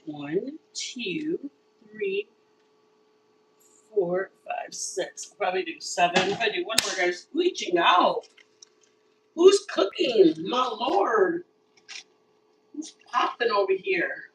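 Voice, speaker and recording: A woman's voice: medium pitch, slow pace, long pauses, far from the mic, background noise. A woman hosting a live home cooking stream, chatting casually with her viewers as she cooks. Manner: chatty, animated, talks straight to viewers. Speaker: cooking channel host. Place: home kitchen.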